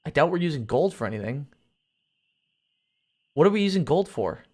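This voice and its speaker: A man reading a gamebook aloud on a live stream, mixing steady narration with casual, crude asides. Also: fairly high pitch, moderate pace. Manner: casual and crude, reads narration then chats.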